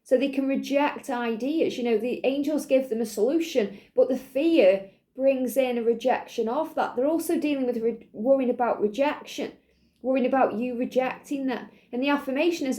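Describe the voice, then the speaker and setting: A woman giving a spiritual reading to her viewers, talking earnestly and reassuringly, with many "you know"s, and now and then clearing a slight cough from her throat. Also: high voice, normal speed, dark tone. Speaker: spiritual reader. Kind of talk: channelled tarot-style reading to viewers.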